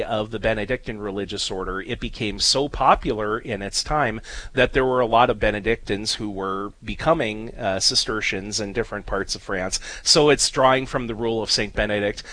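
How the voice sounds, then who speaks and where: A man's voice: fairly low pitch, sharp tone, no echo, rough recording. A man co-hosting a Catholic talk show, explaining things at length with frequent fillers and spelled-out names. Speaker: co-host. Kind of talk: casual radio-style chat.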